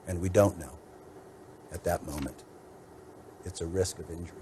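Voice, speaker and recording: Brief: male defense attorney, low mellow voice, measured courtroom argument. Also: steady tone, a little hiss or hum, poor audio. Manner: measured, methodical, lists points.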